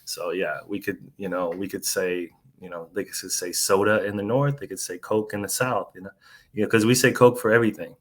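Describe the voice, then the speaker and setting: A man's voice: deep voice, steady tone, brisk. A man from the United States hosting a podcast interview, talking casually with many restarts and fillers over a remote call.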